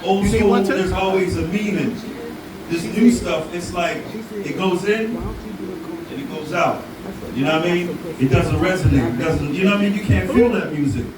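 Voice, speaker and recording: A man from Jamaica, working as a reggae DJ and talking casually and warmly to a live crowd. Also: high-pitched, normal speed. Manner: friendly, crowd-engaging, relaxed. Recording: very echoey room, far from mic, loud crowd.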